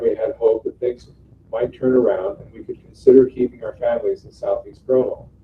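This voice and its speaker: A man, a city official, reading a letter aloud at a council meeting in a steady, plain way. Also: mid-range voice, a little hiss or hum. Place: council chamber. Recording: roomy, distant, dull meeting-room audio.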